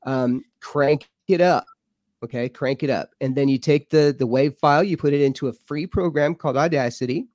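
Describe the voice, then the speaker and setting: A man, a paranormal researcher, telling his experiences as a podcast guest in an excitable, rambling way. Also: on the high side, normal speed, dry recording. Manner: excitable, rambling, repeats himself. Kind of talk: animated storytelling. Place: home studio.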